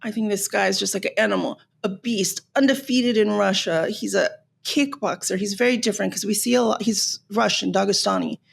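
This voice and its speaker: A woman from Los Angeles hosting a podcast, ranting in an animated, sarcastic way and swearing freely. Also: medium pitch, brisk, vocal fry, hardly any pauses, husky. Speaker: podcast host. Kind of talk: casual rant.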